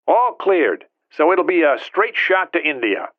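A brisk, businesslike ops chief reporting over a phone, as a male narrator puts him on. The line is thin and tinny, like a narrow telephone band, and the voice sits a little higher than the narrator's own. He runs through each detail plainly. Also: very animated. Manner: brisk, matter-of-fact. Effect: phone filter.

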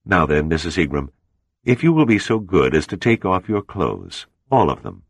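Man putting on a suave cold villain, mocking, unhurried, lively sneering lilt, dry close sound. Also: low-pitched, no echo, exaggerated voice. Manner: smooth, mocking, unhurried menace. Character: cold, suave male Soviet villain officer.

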